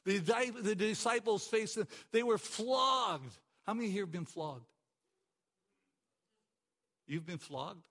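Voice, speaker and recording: Male pastor, high-pitched, impassioned sermon delivery with repeated phrases. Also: slow, pauses often. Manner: impassioned preaching, rising to exclamations and dropping to quiet emphasis; repeats words and phrases for emphasis.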